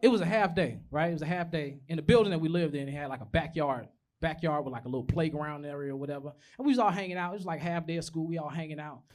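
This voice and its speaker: A man's voice: fairly high pitch, fast, darkish tone. A young man doing a stand-up comedy set, telling profane stories, acting out voices and laughing at his own jokes. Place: comedy club stage.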